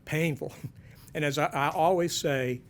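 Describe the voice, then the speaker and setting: A man's voice: a little high, unhurried, a little hiss or hum. A man giving a conversational talk to parents, with folksy joking asides.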